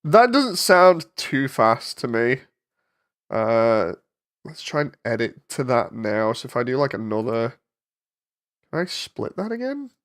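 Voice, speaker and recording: Thinking aloud as he edits an animation, a 3D animator who hosts a channel chats casually in a stuffy voice from a cold. He speaks unhurriedly in a mid-range, sing-song, somewhat bright voice, rambling with plenty of fillers.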